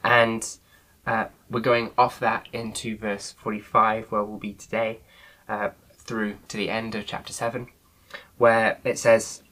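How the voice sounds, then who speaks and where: A man's voice: on the low side, level tone, unhurried, sharp tone, poor audio. A man leading an online Bible study in a casual teaching style, earnest and loosely phrased with frequent filler sounds.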